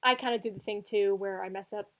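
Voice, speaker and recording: A woman's voice: mid-range voice, steady tone, fast, fairly bright tone. A young woman telling rambling stories in a casual chat with a friend. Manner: chatty storyteller, rambling tangents. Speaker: co-host.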